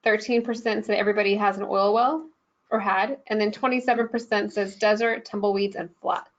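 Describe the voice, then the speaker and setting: A woman's voice: mid-range voice, fairly even intonation, brisk. A woman moderating an online training webinar, reading poll results in a friendly, matter-of-fact way. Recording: slightly muffled online audio.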